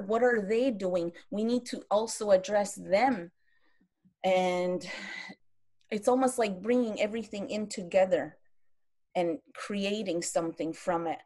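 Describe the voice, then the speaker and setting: A woman's voice: medium pitch, a little mellow. A woman in her fifties from Quebec, speaking as a panelist in an online round-table, earnest and impassioned, often restarting her sentences. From Quebec, Canada. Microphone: video call.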